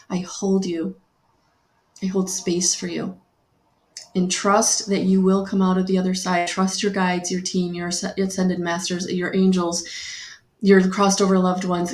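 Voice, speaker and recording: A woman giving a slow, soothing spiritual guidance talk on a live stream, repeating her phrases and greeting viewers by name. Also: lowish voice, darkish tone, reverberant.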